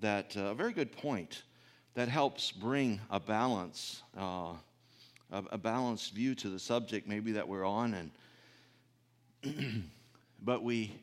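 A man preaching a sermon in a folksy, conversational way, swelling louder on his key points and often clearing his throat. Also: on the low side, slow, long pauses.

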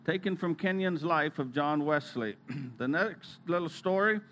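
A man preacher giving a slow, reverent devotional reading with brief asides. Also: on the high side, a bit bright, slight background noise.

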